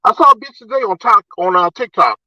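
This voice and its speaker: A man ranting in a casual chat, animated and exasperated. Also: high-pitched, quick pace, dry recording, rough recording.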